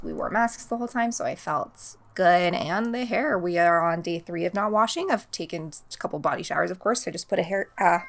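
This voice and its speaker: A woman's voice: lowish voice, vocal fry, a bit bright. A young woman hosting a book podcast in a casual, rambling chat full of fillers. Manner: chatty, rambling, many fillers like "um" and "like". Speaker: podcast host. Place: home in Los Angeles.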